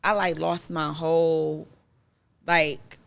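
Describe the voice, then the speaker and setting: A woman with a somewhat low voice recounts a painful personal story in a relaxed podcast chat. She talks in an animated, emotional way, full of fillers and restarts. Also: slow pace, vocal fry. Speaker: podcast guest.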